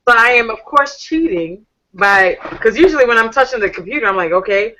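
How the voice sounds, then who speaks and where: A woman hosts a live online chat in a bright, forceful voice. She talks with sass and animation, reading viewers' messages aloud. Her voice comes through a laptop or phone mic on a video call. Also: a little high, animated, brisk, poor audio. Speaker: talk show host. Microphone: computer or phone on a video call.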